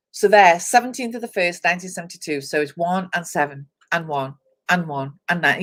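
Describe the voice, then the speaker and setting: Her voice is fairly low yet fairly bright as she hosts a live online chat show. Laughing frequently, she reads traits from a list, addresses viewers by name, and chats through her explanations step by step.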